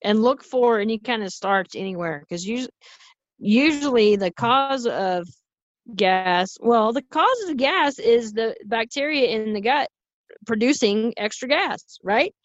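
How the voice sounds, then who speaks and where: Woman, nutritionist guest, higher voice, passionate and rambling, dry dull sound. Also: a little slow, dry recording. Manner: passionate, animated, rambling restarts. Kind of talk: casual podcast chat.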